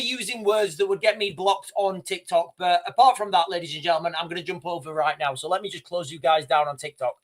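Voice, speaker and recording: A man hosting a livestream, giving impassioned, halting commentary with restarts and blunt swearing. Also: high voice, steady tone. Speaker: livestream host. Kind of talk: emotional live commentary.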